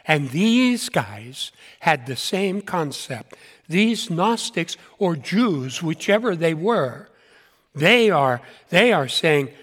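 A man's voice: on the high side, big pitch swings, slow pace, fairly bright tone. A man in his seventies preaching a sermon in an earnest manner and repeating key points for emphasis. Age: 70s. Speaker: pastor. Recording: long hall reverb.

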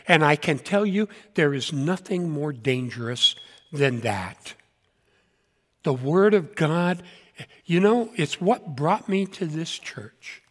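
A man's voice: a little high, a bit bright. A man in his seventies preaching a sermon in an earnest manner and repeating key points for emphasis. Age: 70s. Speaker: pastor. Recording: long hall reverb.

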